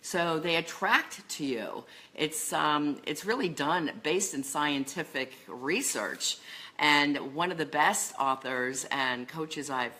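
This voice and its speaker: Deep-voiced, bright middle-aged woman coach. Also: slow. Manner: earnest, coaching tone with lists and fillers. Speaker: life and love coach. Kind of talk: solo talk to camera on relationships.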